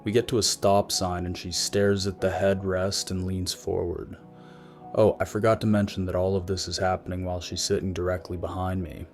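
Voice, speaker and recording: A man's voice: sits low, flat delivery, normal speed, faint music behind. A man narrating a creepy story in a wry, matter-of-fact way.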